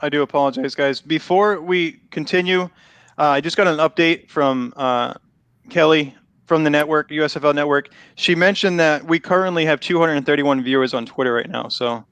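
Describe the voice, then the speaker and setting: Chatty Boston host with a smooth voice. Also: male voice, a little high, moderate pace, a bit bright, no echo. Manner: chatty, laughs often, restarts phrases. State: losing his voice. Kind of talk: casual live draft commentary.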